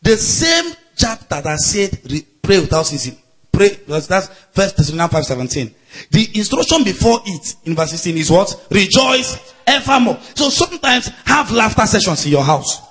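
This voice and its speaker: High, lively male preacher shouting with joy. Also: moderate pace, husky. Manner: loud laughing and shouting, building to chanted refrains. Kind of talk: sermon.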